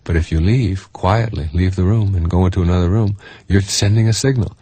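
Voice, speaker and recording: A man's voice: deep voice, fairly quick, warm tone, slightly rough, dry recording. A middle-aged man giving a recorded self-help lecture, earnest and emphatic, building his points through repetition.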